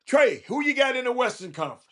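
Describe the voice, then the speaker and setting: Very high-pitched and fast, a male host with a Houston, Texas accent leads a casual sports talk livestream. He's animated and laughs a lot while speaking directly to the people in his chat.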